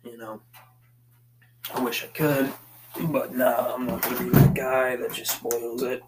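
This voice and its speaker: A man's voice: medium pitch, level tone, unhurried, very noisy. Profane rambling man hosting a podcast. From Boston area, USA. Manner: profane, meandering, swears constantly. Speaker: podcast host. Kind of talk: casual solo podcast rambling. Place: basement, pacing back and forth.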